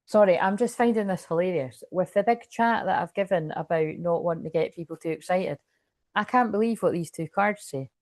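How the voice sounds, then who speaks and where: Scottish lady rambling thru a tarot reading, laughs a lot, kinda low voice. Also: brisk, a little mellow, dry recording, clean studio sound. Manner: chatty and rambling, often laughing. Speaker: tarot reader. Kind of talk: casual tarot reading to camera.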